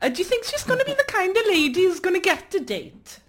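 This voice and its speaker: A woman's voice: extremely high pitch, sing-song, fast, a bit bright. A woman co-hosting a live radio show, playful and rambling, who laughs often. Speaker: radio co-host. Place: radio studio.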